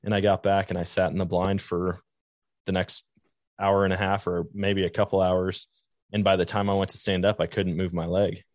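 A man's voice: low-pitched, little pitch movement, normal speed, darkish tone, no echo. A man hosting a podcast, telling casual, rambling hunting anecdotes full of "like" fillers. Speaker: podcast host. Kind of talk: casual storytelling chat.

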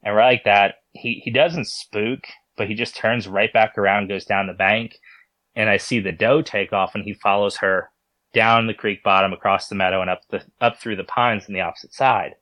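A man's voice: fairly low pitch, steady tone, moderate pace, pushed and bright, no echo. A man, a podcast guest, tells a hunting story in an interview, often stumbling and repeating words as he goes.

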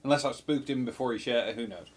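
A man's voice: mid-range voice, fast talker. A man co-hosting a casual podcast, talking in a laid-back, slangy way. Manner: laid-back, slangy, says "dude" often. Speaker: podcast co-host. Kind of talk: casual chat.

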